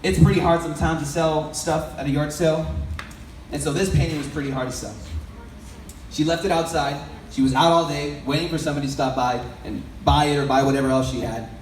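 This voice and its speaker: Brisk and fairly high-pitched, with fairly even intonation, a man speaks to an audience in a sermon-like storytelling style. He's loose and conversational, regularly turning questions to the crowd, and a distant mic captures him in an echoey hall with faint background noise.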